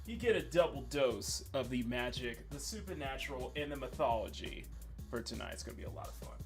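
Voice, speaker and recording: This young livestream host has a medium-pitched, slightly bright voice and talks casually and ramblingly, often using fillers and starting over. Menu music plays faintly underneath.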